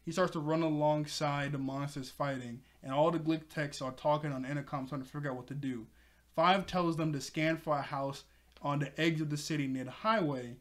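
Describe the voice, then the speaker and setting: A man with a slightly higher voice recaps a cartoon episode in loose, casual chat. He is excitable and chatty, piles on filler words and breaks into laughs often. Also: a little fast.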